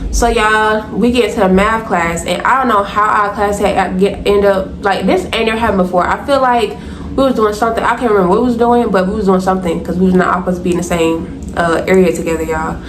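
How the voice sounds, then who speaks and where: A young woman telling a storytime vlog to her viewers, animated, blunt and profane, often calling them y'all. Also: medium pitch, fast talker, echoey room, noisy background. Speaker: storytime vlogger. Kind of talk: casual storytime to camera.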